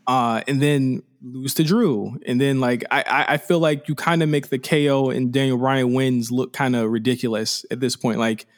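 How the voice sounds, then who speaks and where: Man, podcast co-host, casual chat, animated, restarts his sentences a lot. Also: medium pitch, moderate pace, few pauses. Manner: animated, repeats words when starting sentences.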